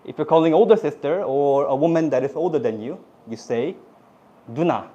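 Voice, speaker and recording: A middle-aged man with a Korean accent, whose first language is Korean, teaching Korean words to a class in a lively way. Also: fairly high pitch, fairly quick, dull audio. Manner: animated, switches into cute playful put-on voices for examples.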